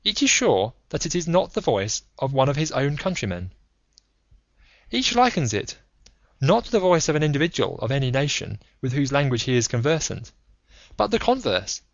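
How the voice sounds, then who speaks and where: A man voicing a calm, analytical male detective who lectures in a measured, methodical way, in an audiobook reading with a dull, dry sound. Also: mid-range voice, no echo. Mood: lecturing.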